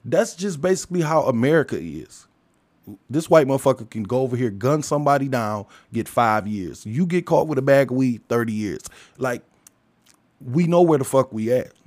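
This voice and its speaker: A man's voice: mid-range voice, animated, moderate pace, darkish tone, dry recording. Man, mid-range voice, blunt profane rant, rhetorical questions, dry close sound. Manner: blunt and emphatic, heavy swearing.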